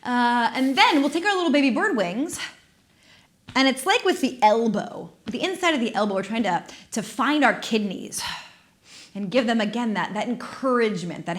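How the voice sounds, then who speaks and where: In a studio, a woman movement instructor leads an exercise class over a dedicated microphone, gentle, playful and encouraging, with soft laughs. Her voice sits on the high side and is animated, at a moderate pace.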